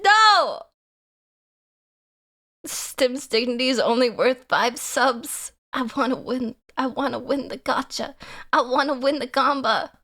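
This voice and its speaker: A woman's voice: high-pitched, steady tone, normal speed, fairly bright tone. A young woman streamer chatting casually with her viewers in a theatrical way, swinging between mock sobbing and laughing. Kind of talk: casual live-stream chat.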